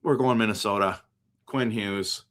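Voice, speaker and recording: A man's voice: on the low side, fairly even intonation, a little slow, a bit bright. A man from western Canada hosting a casual hockey live stream, thinking aloud as he picks and answers viewer comments. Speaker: hockey livestream host.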